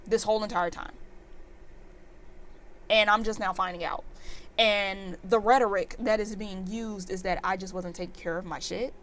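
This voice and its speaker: A woman in her twenties telling a storytime vlog in an animated, exasperated rant full of fillers. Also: mid-range voice, moderate pace, pauses often, slight background noise. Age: 20s. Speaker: vlogger.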